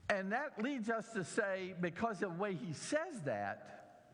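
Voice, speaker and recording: Guy teaching a church bible class, slow and drawn out, voice goes way up and down, big echoey hall. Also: high voice, big pitch swings, a bit bright. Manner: slow, emphatic teaching with audience questions. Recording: long hall reverb.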